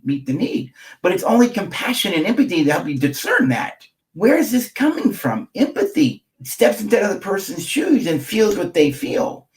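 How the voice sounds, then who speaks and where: Emphatic middle-aged man teaching. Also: on the high side. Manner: emphatic and direct, repeats key phrases, checks in with "right?". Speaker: psychologist and marriage therapist. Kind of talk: motivational teaching talk to camera.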